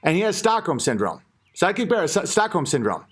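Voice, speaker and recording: A man's voice: a little high, sing-song, a little fast, breathy edge. A man hosting an online comedy rant, crude and mocking.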